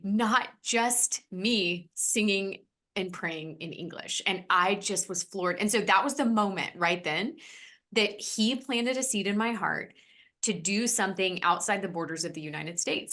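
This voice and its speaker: A woman podcast host telling a heartfelt personal story in an earnest, emotional way, rushing ahead in quick bursts. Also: medium pitch, a bit bright.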